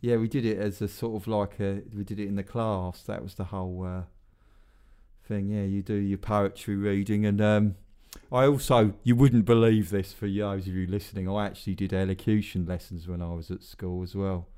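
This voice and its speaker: A man's voice: on the low side, flat delivery, normal speed, warm tone, clean tone. A man hosting a podcast, chatting casually in a rambling way with self-deprecating asides. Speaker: podcast host. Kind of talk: casual chat.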